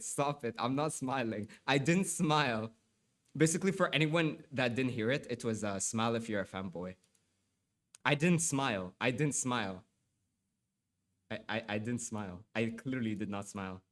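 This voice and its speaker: Speaking at a moderate pace in a mid-range, fairly bright voice, a young man chats casually on a livestream and reads aloud. He often says sorry, stutters and repeats himself, and has slight allergy congestion.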